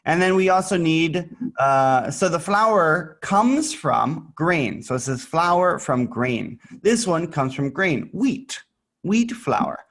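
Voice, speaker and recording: A man leads an English lesson for a young learner, speaking slowly and patiently so every word can be repeated back. His pitch bounces around a lot, and he plays up the pictures with silly sound effects. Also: lively intonation, a bit bright. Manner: playful, adds sound effects while showing pictures. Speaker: English teacher. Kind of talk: online English lesson for a child.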